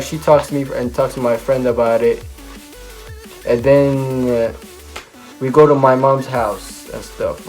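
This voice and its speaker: A man's voice: mid-range voice, darkish tone. A young man telling a casual storytime monologue for his vlog, rambling with lots of "like" and "and stuff". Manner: rambling, full of "like" and "and stuff", restarts. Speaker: vlogger.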